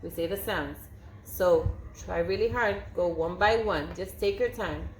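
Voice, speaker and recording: Woman teacher, patient sing-song delivery, very slow pace, echoey room with faint noise. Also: lowish voice. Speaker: preschool teacher. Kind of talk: online circle-time lesson for young children.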